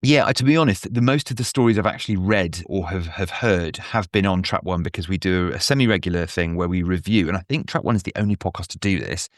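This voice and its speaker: Deep-voiced rambling man on a podcast. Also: no echo, studio quality. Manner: rambling, self-mocking, quick asides. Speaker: podcast guest. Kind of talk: casual chat.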